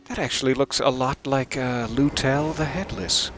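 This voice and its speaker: A man's voice: medium pitch, steady tone, moderate pace, few pauses, a bit bright. A man giving live gameplay commentary, wry and musing, chatting to the enemies he fights. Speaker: streamer playing a video game.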